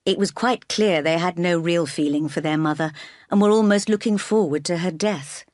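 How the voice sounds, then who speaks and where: Woman narrator, calm storytelling, lowish voice, dry close sound. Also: normal speed, no echo. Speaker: audiobook reader. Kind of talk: scripted narration.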